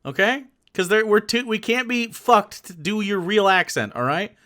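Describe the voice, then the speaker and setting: A man's voice: high-pitched, big pitch swings, measured pace, fairly bright tone. A young man streaming live, reacting to a video with sarcastic, rambling rants full of swearing. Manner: sarcastic, ranting, swearing often. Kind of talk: casual reaction commentary.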